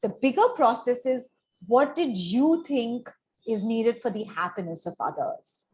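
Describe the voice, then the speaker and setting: A woman's voice: on the high side, animated, unhurried, a little mellow. A woman counseling a student on an admissions essay over a video call, in a reflective way that builds on vivid example stories. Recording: dull, lo-fi video call audio.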